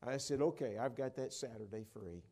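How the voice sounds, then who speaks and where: A middle-aged man preaching a sermon in a church, telling stories and swinging from hushed to loud, excited delivery. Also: medium pitch, brisk. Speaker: traveling evangelist preacher. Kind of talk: sermon with storytelling. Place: church sanctuary at a conference. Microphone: wearing a microphone.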